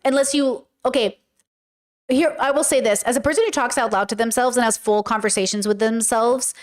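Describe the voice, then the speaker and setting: High-voiced woman rambling animatedly. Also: fairly quick. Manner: rambling, animated, lots of fillers; playfully mimics voices and quotes. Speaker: YouTuber and podcast host. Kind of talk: casual commentary reacting to comments.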